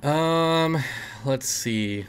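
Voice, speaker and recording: A man's voice: fairly high pitch, animated, drawn-out words, clean tone. A man hosting a casual livestream, reading chat comments aloud and joking with viewers, often laughing. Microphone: desk mic.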